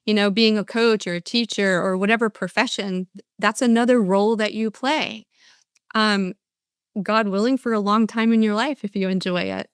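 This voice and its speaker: An older woman speaks in an earnest motivational talk, her voice smooth and clear. The sound is dry and close, with no room around it. She restarts phrases and plays out answers from her audiences. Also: mid-range voice, fairly even intonation, normal speed, no room sound. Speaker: speaker and coach.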